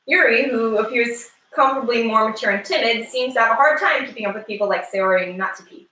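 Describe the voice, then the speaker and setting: A woman's voice: a little high, fast, pushed and bright, a little hiss or hum. A woman streamer reading game narration aloud with giggly, sarcastic asides, recorded far from the mic in an echoey room.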